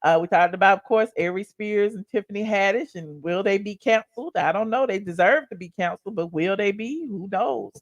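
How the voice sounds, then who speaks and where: A woman's voice: medium pitch, brisk, few pauses, no echo, muffled recording. A woman with a Southern accent, wrapping up her livestream in a chatty, drawling way, calling viewers child and honey. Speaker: livestream host. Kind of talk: casual livestream wrap-up.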